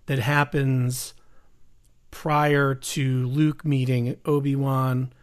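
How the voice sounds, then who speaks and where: A man hosting a podcast, talking in a measured, thoughtful way with some hesitations. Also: mid-range voice, little pitch movement. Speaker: podcast host. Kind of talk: casual chat.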